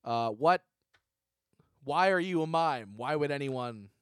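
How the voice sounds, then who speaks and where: A man's voice: fairly high pitch, lively intonation, smooth, no echo, clean studio sound. A man co-hosting a comedy podcast, bantering casually in an exasperated, rambling way. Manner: exasperated, rambling, quick jokes. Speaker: podcast co-host.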